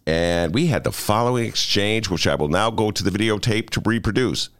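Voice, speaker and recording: A man's voice: fairly low pitch, fairly quick, a bit bright. A man hosting a radio talk show in a studio, joking and mocking himself. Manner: joking, self-mocking, playful.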